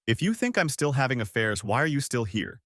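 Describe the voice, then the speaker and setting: A man's voice: medium pitch, sing-song, fairly quick, a bit bright, no room sound. A man voicing a bitter, hostile husband with a clipped delivery, in a dry close recording.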